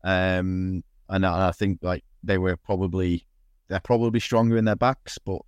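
A man's voice: sits low, little pitch movement, moderate pace, clear, resonant tone, no echo. A man hosting a casual sports podcast, rambling with lots of restarts and the odd swear word. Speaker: podcast host. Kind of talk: casual chat.

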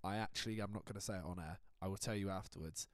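Brief: young lad, podcast co-host, smooth and dry, cheeky banter. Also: male voice, low voice, fairly even intonation, rapid-fire, no room sound. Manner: banterous, swears freely, teasing. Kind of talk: casual football chat.

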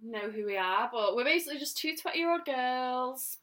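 A woman's voice: sits high, animated, moderate pace, a bit bright, far from the mic. A woman in her twenties co-hosting a casual podcast, chatty, laughing often and swearing casually. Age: 20s. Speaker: podcast co-host. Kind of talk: casual chat.

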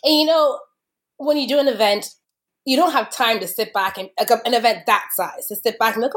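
A woman's voice: a little high, a little fast, a bit bright. A woman, a wine expert guest, talking in a chatty, explanatory way with many fillers. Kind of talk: casual podcast conversation.

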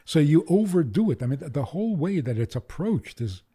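Mellow-voiced older man telling wry stories. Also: on the high side, brisk, breathy edge. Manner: wry, animated storyteller with deadpan humor. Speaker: rabbi, guest. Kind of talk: interview conversation.

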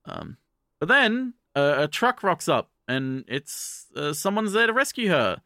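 A man casually recapping an anime plot for a podcast, jumping into quick character voices as he goes. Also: a little high, no echo, studio quality. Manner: animated, acts out characters' lines in quick voices.

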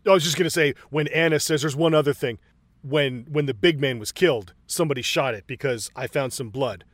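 A man co-hosting a casual film chat, excited and profane, acting out movie lines as he retells scenes. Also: medium pitch, brisk, no echo. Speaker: podcast co-host.

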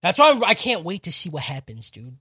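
A man's voice: high-pitched, huge pitch swings, fairly quick, sharp tone, slightly rough. A young man co-hosting a podcast, chatting with eager, swearing banter. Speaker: podcast co-host. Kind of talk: casual chat.

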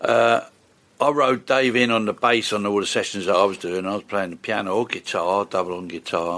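An older man, a session bass player chatting and rambling through stories as an interview guest. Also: fairly bright tone. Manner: chatty, rambling, lots of fillers and restarts. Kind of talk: casual storytelling interview.

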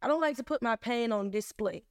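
A woman's voice: on the high side, brisk, no echo, clean studio sound. A young woman hosting a casual faith podcast, telling personal stories candidly and acting out both sides of conversations. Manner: candid, animated storytelling with acted-out dialogue. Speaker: podcast host.

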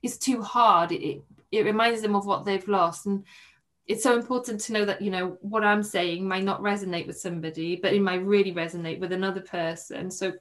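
A woman's voice: medium pitch, fairly quick. Young woman, chatting on a podcast, gets emotional telling stories. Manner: emotional, animated storytelling with acted quotes. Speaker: podcast guest. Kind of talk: casual chat.

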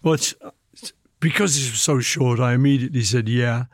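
An older man with a Liverpool accent, appearing as a guest author, chats in a relaxed interview about his book, sharing anecdotes and slipping into playful voices. His pitch is medium and his speed normal, with clean studio sound and no room noise.

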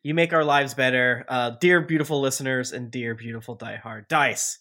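A man's voice: mid-range voice, sharp tone. A man hosting a game podcast, rambling and joking through an ad read and the outro. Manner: joking, rambling, quick bursts. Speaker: podcast host. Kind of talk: casual podcast chat and ad read.

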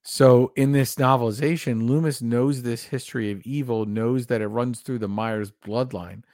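A man's voice: medium pitch, fairly even intonation, normal speed, darkish tone, no room sound, studio quality. A man co-hosting a casual horror film podcast, talking with enthusiasm and rambling through trivia. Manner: enthusiastic, rambling, reads passages aloud. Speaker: podcast co-host.

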